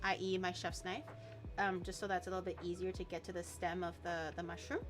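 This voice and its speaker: A woman's voice: lowish voice, little pitch movement, a little fast. A young woman chatting casually while cooking on her stream, explaining each step and swearing now and then.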